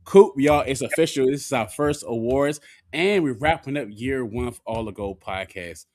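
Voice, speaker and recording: A man co-hosting a wrestling podcast, lively and quick to laugh, swearing freely as he chats. His voice sits mid-range. The recording is close and dry. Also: medium pitch, no room sound. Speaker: podcast co-host. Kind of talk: casual wrestling podcast chat.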